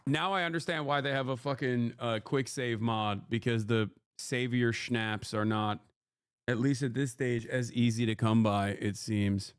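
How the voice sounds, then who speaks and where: A man's voice: medium pitch, fairly even intonation, a little slow, smooth, dry recording, studio quality. A man in his thirties streaming a game live, chatting casually in a profane, joking way and slipping into a mock "lad" voice. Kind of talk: casual live-stream chat while gaming.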